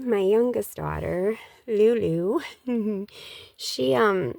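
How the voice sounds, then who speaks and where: A woman's voice: deep voice, measured pace, vocal fry, darkish tone, no room sound, clean studio sound. A middle-aged woman chatting casually in a rambling way about spiritual matters, with many restarts. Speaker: vlogger.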